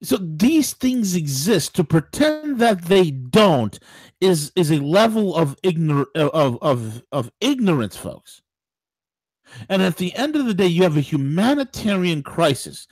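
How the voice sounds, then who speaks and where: A man hosting a political talk show, speaking in an animated, digressive way with laughing asides. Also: sits high, measured pace, no echo. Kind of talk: political talk radio commentary.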